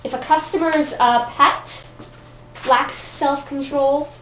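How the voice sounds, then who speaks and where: A woman's voice: sits high, fairly even intonation, slow pace, fairly bright tone. A woman telling a comic personal story at an open mic, chatty and laughing often. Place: event room, audience present. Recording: echoey room, distant noisy mic.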